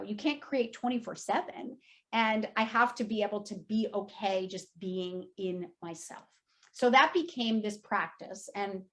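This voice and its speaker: Woman, fifties, slightly high voice, candid personal storytelling, casual fillers. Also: fairly bright tone. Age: 50s. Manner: candid and emotional, many "like" fillers. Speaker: speaker at an industry talk.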